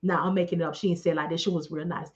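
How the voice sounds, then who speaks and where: A middle-aged woman telling a story casually on her livestream, chatty and animated, calling out questions to her viewers. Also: on the low side, rapid-fire. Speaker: livestream host. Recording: dull lo-fi stream audio.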